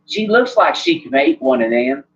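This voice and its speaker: A man's voice: a little high, moderate pace, muffled recording. Cricket, a man playing an eager childlike giant. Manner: eager, excitable, polite. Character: eight-foot childlike male giant, eager and excitable.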